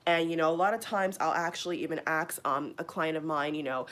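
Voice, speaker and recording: A woman talking to her channel as a psychic reader, laying out her boundaries frankly and emphatically, often checking in with "okay?" and pausing on "um" and "you know.". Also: low voice, a bit bright. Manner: thinks aloud with frequent "um" and "you know". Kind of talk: talking to camera about her services.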